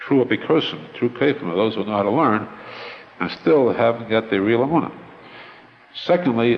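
A man giving a Torah lecture as a rabbi, explaining slowly with many pauses and restatements. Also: medium pitch, in a large hall, lo-fi sound, slight background noise.

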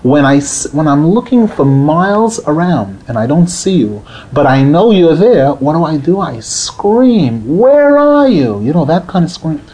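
Male rabbi, mellow tone, lively lecturer who acts out quotes. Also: normal speed, hardly any pauses, husky, poor audio. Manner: animated, acts out quotes with rising pitch, drops to a murmur. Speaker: rabbi teaching a Torah class. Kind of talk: Torah lecture.

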